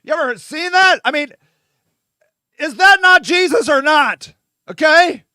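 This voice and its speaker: Host, male, very high bright voice, dry close sound, loose irreverent riffing with shouted bursts. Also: animated, measured pace, dry recording. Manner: vamping, talks to his audience. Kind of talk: casual solo monologue.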